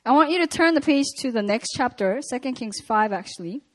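A woman preaching at a prayer meeting, reading scripture and retelling it in a casual, animated way. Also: a little high, fairly quick.

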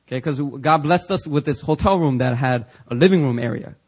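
A man's voice: medium pitch, brisk, slightly rough. A pastor preaching a sermon in a chatty storytelling way, with many fillers, often laughing at his own story. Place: church.

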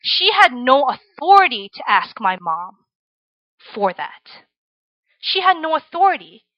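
A woman's voice: high-pitched, very animated, measured pace, dry recording, muffled recording. A young woman from Virginia giving a casual, chatty sermon to students, often tagging her points with "right?". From Virginia, USA. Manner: chatty, tags lines with "right?" and "like". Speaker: preacher.

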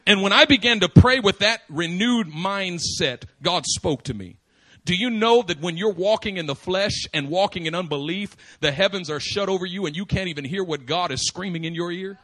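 A man preaching a sermon, swinging from quiet asides to loud, insistent emphasis and repeating phrases to drive them home. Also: high-pitched, animated, normal speed. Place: church service.

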